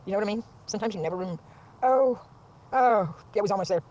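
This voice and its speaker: A woman ranting on a livestream, profane and repetitive, swinging from wry laughter to shouting. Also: medium pitch, quick pace. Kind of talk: angry livestream rant.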